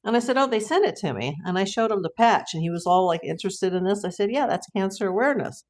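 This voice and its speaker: A woman's voice: mid-range voice, expressive, quick pace, darkish tone. Chatty woman hosting a livestream. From Southern California. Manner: chatty, rambling, laughs often. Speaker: true crime livestream host. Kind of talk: casual livestream chat reading viewer comments.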